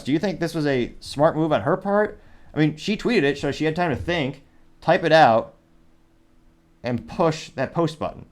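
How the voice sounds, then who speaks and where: A male host giving commentary on news and social media posts, reading comments aloud with dry asides. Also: fairly high pitch. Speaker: show host.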